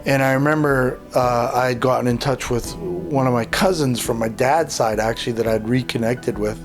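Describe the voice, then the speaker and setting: A man's voice: medium pitch, normal speed, soft background music. Man telling his story. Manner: lively storyteller who acts out dialogue, with many "uh" and "like" fillers. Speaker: guest sharing his life story. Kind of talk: personal testimony told in an interview.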